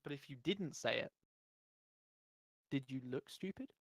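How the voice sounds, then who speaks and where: A man running an online tabletop game as dungeon master, blunt and quick to set the rules straight. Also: medium pitch, lively intonation, no echo.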